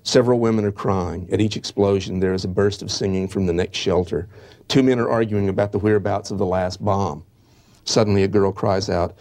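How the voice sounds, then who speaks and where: A man giving a history lecture, reading eyewitness accounts in a measured, halting way with small restarts. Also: low voice, steady tone, darkish tone.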